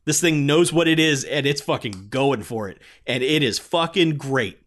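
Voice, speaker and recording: A man's voice: mid-range voice, expressive, moderate pace, a bit bright. A man in a casual film review chat who talks animatedly, swears freely and acts out his own reactions.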